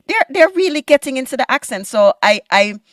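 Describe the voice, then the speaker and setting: A woman's voice: high voice, very animated, fairly quick, fairly bright tone, no room sound, clean studio sound. A woman hosting a podcast, speaking in a thoughtful, somewhat hesitant way in casual conversation. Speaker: podcast host.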